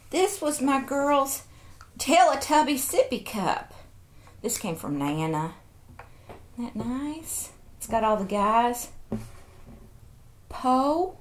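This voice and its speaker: A woman's voice: a little high, sing-song, slow, long pauses, slight background noise. A woman, chatting casually while unboxing toys and cooing over each one. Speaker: toy collector vlogger.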